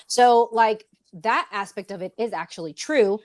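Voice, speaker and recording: A woman's voice: a little high, measured pace, darkish tone, no echo, clean studio sound. A young woman in a casual political chat, talking in a chatty, opinionated way with many fillers.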